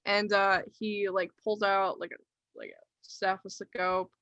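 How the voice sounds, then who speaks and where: A woman narrating as game master of a tabletop game, halting and full of fillers, on a close mic. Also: medium pitch, little pitch movement, a bit bright, dry recording, dull audio. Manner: halting, full of ums and likes.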